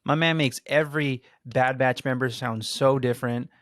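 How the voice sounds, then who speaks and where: A man's voice: mid-range voice, fairly even intonation, normal speed, a bit bright, no room sound, studio quality. A man co-hosting a podcast in casual chat, enthusiastic and swearing freely. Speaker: podcast co-host.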